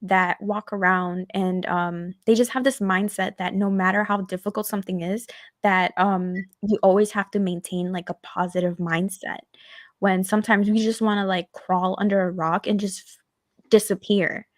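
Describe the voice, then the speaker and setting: A woman's voice: medium pitch, steady tone, moderate pace, no room sound, studio quality. A woman co-hosting a casual podcast chat, rambling with lots of fillers and getting emphatic. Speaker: podcast co-host.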